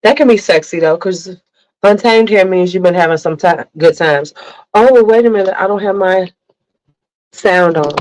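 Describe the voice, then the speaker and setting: A woman's voice: on the low side, moderate pace, darkish tone, dry recording, rough recording. A woman from Chicago hosting a casual beauty livestream, chatting candidly, rambling and greeting viewers by name.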